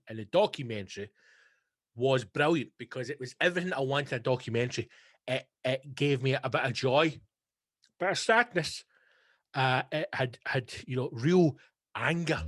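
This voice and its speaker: A man's voice: mid-range voice, fairly bright tone, dry recording, clean studio sound. A Scottish man, a comedian, rambling through a solo podcast monologue on a stand mic, sweary and jokey with lots of digressions. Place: home studio. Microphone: studio mic on a stand.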